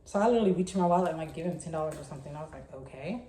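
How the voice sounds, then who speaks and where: A woman's voice: deep voice, rapid-fire, slight background noise. Chatty woman telling a story, echoey room. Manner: chatty, animated storytelling with laughs and slang. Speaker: vlogger. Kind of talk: casual storytime.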